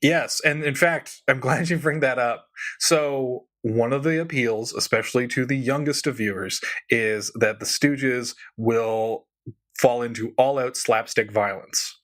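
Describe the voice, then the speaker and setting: A man co-hosting a podcast, chatting casually and animatedly, laughing often with quick asides. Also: mid-range voice, a bit bright. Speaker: podcast co-host. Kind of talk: casual chat.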